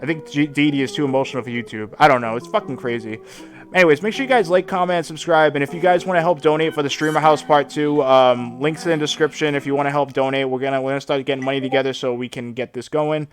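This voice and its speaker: A man's voice: fairly high pitch, fairly even intonation, quick pace, soft background music. Sarcastic swearing streamer guy. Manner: sarcastic, swears a lot, many fillers. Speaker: streamer host. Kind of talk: casual livestream rant.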